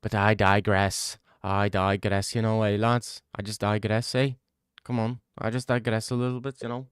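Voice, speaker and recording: A man's voice: on the low side, level tone, moderate pace, smooth, dry recording, clean studio sound, close to an everyday voice. A man putting on a chummy bloke who rambles and tags his lines with "eh, lads" and "you know". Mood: slow.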